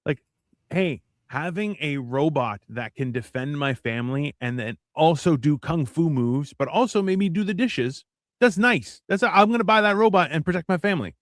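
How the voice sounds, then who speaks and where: Rambling, animated male podcast co-host. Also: a little high, normal speed, dry recording, clean studio sound. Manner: rambling, animated, acts out quoted voices. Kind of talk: casual profane chat.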